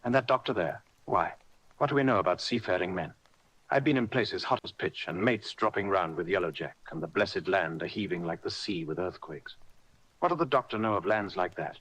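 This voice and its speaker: A man voicing a sick old sea captain who talks in rough sailor slang, pleading and blustering by turns. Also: deep voice, expressive, a little fast, fairly bright tone, full character voice, rough recording. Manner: gruff, wheedling sailor talk. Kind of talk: audiobook character reading.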